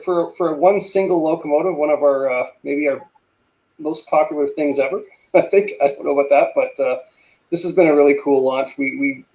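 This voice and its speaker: A man's voice: on the high side, darkish tone, poor audio. A male guest in a casual live-stream chat, easygoing and hesitant, often chiming in to agree.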